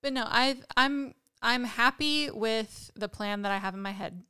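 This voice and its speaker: Bright, clear-voiced woman chatting. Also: on the high side, measured pace. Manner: hesitant, filler-heavy, trailing off. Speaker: podcast co-host. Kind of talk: casual chat.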